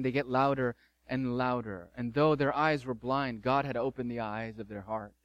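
A man's voice: mid-range voice, no echo. A middle-aged man preaching a sermon as pastor, fervent and emphatic, repeating key phrases.

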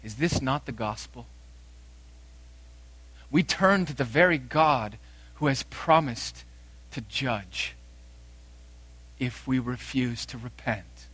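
A man preaching a sermon, swinging between loud emphatic declarations and quiet, low phrases. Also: slow, long pauses, slightly rough, no echo.

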